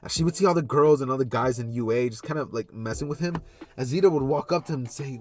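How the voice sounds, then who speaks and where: A man's voice: medium pitch, quick pace, a little mellow. A man casually narrating a fan story, rambling with many fillers and loose links.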